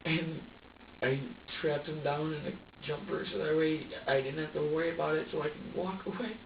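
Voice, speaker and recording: A man questioned as a suspect, talking in an agitated, halting way, full of restarts. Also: on the high side, steady tone, vocal fry, a little hiss or hum. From upstate New York. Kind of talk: police interrogation statement. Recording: echoey room, distant mic, muffled.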